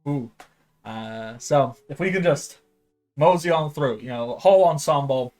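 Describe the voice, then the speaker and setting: A man's voice: mid-range voice, unhurried, darkish tone, soft background music, lightly acted. A man doing a stammering, flustered soldier. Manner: stammering, rambling excuses. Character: bumbling nervous male soldier.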